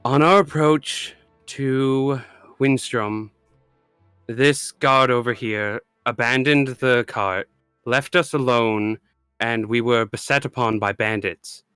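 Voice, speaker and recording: A man's voice: medium pitch, slow, a bit bright, clean tone, no room sound, faint music behind. A man playing a tabletop game, insistent and trying to talk over the others. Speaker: player.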